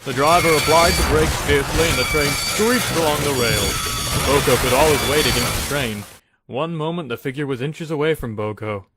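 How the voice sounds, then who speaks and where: A man's voice: fairly high pitch, normal speed, heavy background noise. A man narrating a scripted storybook with a dramatic reading style.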